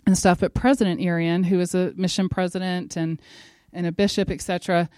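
A middle-aged woman giving a religious devotional talk, telling a personal story in a lively way and speaking straight to her listeners. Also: on the low side, fairly quick, no room sound, clean studio sound. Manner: animated storyteller who acts out quotes and speaks directly to her listeners.

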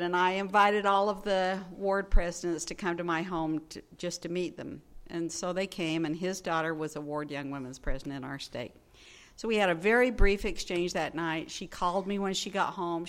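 An older woman telling a personal story in a brisk, wry, humorous way. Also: fairly low pitch, fairly even intonation, fairly bright tone. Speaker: speaker sharing a personal story. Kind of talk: storytelling talk.

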